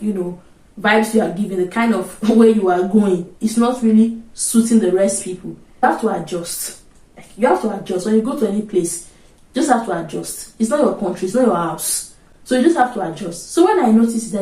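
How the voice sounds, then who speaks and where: A young Nigerian woman tells a story in a lively, expressive way, now and then switching into pidgin. Her voice sits fairly high. She sounds a little off the mic, and the room echoes around her. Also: distant mic. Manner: animated, mixes in pidgin and acts out exclamations. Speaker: vlogger. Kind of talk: casual storytelling monologue.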